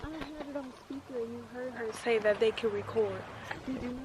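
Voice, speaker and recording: A woman's voice: fairly high pitch, fairly quick, reverberant, noisy background. A young woman vlogging casually, chatting straight to her viewers with lots of filler words. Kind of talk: casual vlog chat to viewers.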